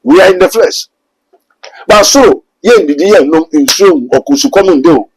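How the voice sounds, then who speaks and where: Male preacher, emphatic delivery, higher-pitched voice. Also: lively intonation, moderate pace, slightly rough, rough recording. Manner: emphatic preaching, mixing languages, rising to a raised voice. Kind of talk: sermon in a talk show.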